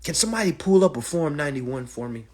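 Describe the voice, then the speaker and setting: A man's voice: on the high side, expressive, quick pace, husky. A man telling a long profane story to an online audience, emphatic and repetitive, often saying "all right" and "y'all". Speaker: storyteller addressing a live audience.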